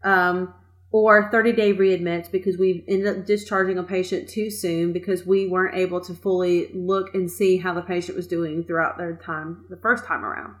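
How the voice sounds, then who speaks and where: A woman, a nurse, chatting casually, agreeing with her colleague and quietly exasperated. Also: fairly low pitch, level tone, moderate pace. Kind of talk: casual chat.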